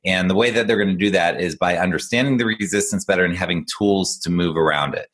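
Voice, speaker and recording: Deep-voiced man coaching in a podcast chat. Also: quick pace. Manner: encouraging, explanatory, animated storyteller. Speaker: executive function coach. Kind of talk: casual podcast conversation.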